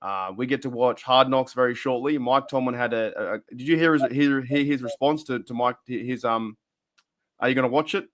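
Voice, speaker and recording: A man with an Australian accent hosting a casual sports podcast, rambling and animated and quick to laugh, talking over a video call. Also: mid-range voice. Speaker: podcast host.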